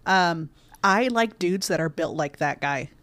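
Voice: mid-range voice, animated, a little slow, a bit bright, no echo. A podcast co-host casually recapping a movie plot, rambling with lots of fillers and restarts.

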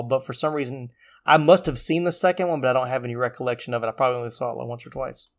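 A man's voice: medium pitch, steady tone, fast. Man, podcast co-host, rambling casual talk. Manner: chatty, rambling, laughs often.

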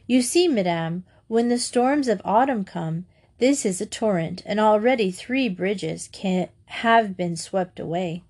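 A woman's voice: mid-range voice, animated, measured pace, a little mellow. A woman reading the part of an earnest, sensible schoolgirl who explains things carefully.

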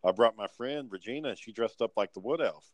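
A man's voice: fairly low pitch, brisk, a little hiss or hum, low-quality recording. A man telling a convention story in casual chat, swearing freely and acting out other people's lines. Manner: profane, animated storyteller who acts out other people's lines. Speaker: podcast co-host.

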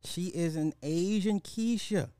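A man's voice: sits high, unhurried, mellow, clean tone, no echo, studio quality, soft background music. A man hosting a social commentary podcast, speaking bluntly and often repeating rhetorical questions. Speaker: podcast host.

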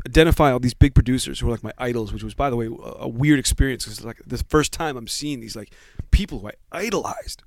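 A man's voice: mid-range voice, animated, fast, creaky, no echo. Rambling man telling a story. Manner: rambling, self-deprecating, many restarts. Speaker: guest. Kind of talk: casual storytelling chat.

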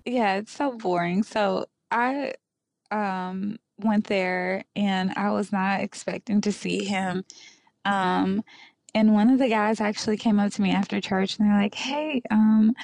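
Chatty woman guest with a gravelly edge. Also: medium pitch, fairly even intonation, unhurried, a little mellow. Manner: chatty, laughing, many restarts. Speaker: podcast guest. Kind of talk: casual chat.

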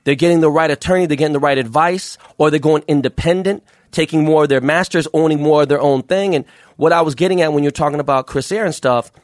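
A jeweler appears as a guest in a relaxed interview, firing off fast, profane street slang packed with fillers. His voice runs slightly high, and the recording is dry and studio-clean.

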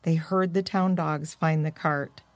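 A woman narrating a children's storybook in a gentle, measured way. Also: deep voice, fairly even intonation, no room sound.

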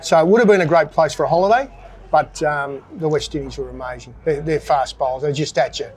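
A man's voice: on the high side, fairly quick. An older Australian man and former cricketer telling self-mocking stories in a casual interview. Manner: anecdotal, self-mocking, laughs at own stories.

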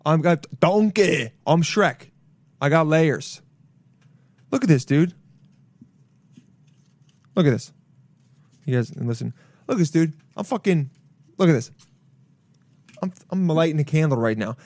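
A young man hosting a solo podcast from his apartment, rambling loudly with jokes and swearing. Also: fairly high pitch, lively intonation, a little slow, long pauses, no room sound. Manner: rambling, loud, jokey, swears a lot. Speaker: podcast host. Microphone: camera mic.

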